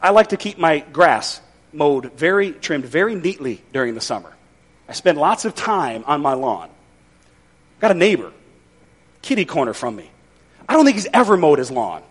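A man's voice: on the high side, big pitch swings, moderate pace, pauses often, breathy edge. A male pastor preaching a sermon in a conversational, folksy way with wry humor.

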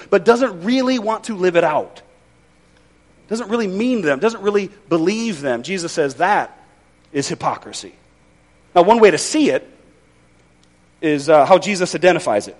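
Lively high-voiced male preacher. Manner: conversational, folksy with wry humor. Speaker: pastor. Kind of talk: sermon.

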